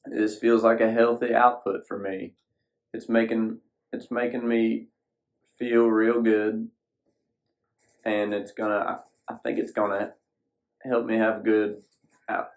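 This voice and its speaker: Solo podcast host, male, lowish voice, loose folksy ramble, some cussing. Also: level tone, slow, pauses often, rough recording. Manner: folksy, rambling, casual swearing. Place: sitting alone at a screen.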